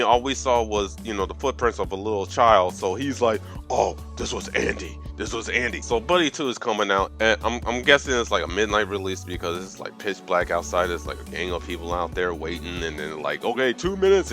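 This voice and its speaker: A man's voice: on the low side, faint music behind. Profane man recapping a film. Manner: animated, acts out characters in quick voices; profane, slangy storytelling. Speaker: movie recapper. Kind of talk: comedic movie recap.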